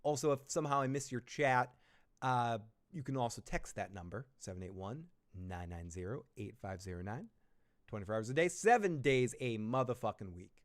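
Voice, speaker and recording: A man's voice: mid-range voice, expressive, moderate pace. A man hosting a live recap stream, chatting casually in a loose, joking, profane way.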